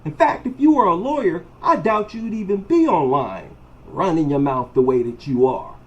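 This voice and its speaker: A man delivers a combative monologue, his voice sitting a little high and swinging widely as he mocks and presses his points. The delivery is emphatic and confrontational throughout. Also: lively intonation, normal speed, muffled recording. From United States. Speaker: commentator. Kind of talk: heated opinion monologue.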